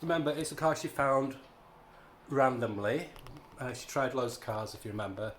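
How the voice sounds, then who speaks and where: A man's voice: mid-range voice, moderate pace, a little hiss or hum. A man giving a casual spoken comic book review, ranting in a sarcastic, exasperated way. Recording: echoey room.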